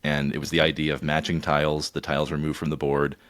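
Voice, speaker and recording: Very deep-voiced male podcast co-host. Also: level tone, fairly bright tone, no room sound. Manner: joking, playful, quick asides. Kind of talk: casual chat.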